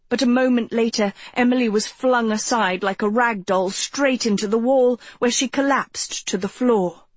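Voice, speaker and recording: A woman narrates a fantasy novel in a measured, expressive reading. Her voice is husky and her pace is unhurried. The recording is dry and close. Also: mid-range voice, dry recording. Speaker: audiobook narrator. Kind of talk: scripted narration.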